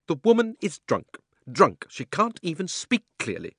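A man's voice: a little high, huge pitch swings, a little slow, sharp tone, husky, no echo, clean studio sound, voice pushed up, heavily acted. A man doing a prim, icy old aunt. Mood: icy stern. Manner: icy, disapproving. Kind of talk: audiobook character reading.

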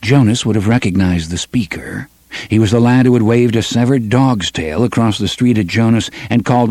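A man narrating an audiobook with an expressive, varied delivery. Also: on the low side, normal speed, dry recording.

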